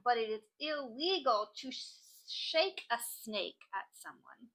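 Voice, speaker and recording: On her crafting channel, a woman with a fairly high, slightly bright voice chats casually in an animated but unhurried way, cracking jokes as she reads odd laws aloud. The recording quality is low.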